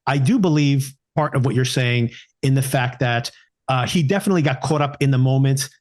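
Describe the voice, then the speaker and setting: A man's voice: medium pitch, a little fast, darkish tone. A man co-hosting a film podcast in casual talk, restarting his sentences and quoting characters in mock dialogue. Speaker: podcast co-host.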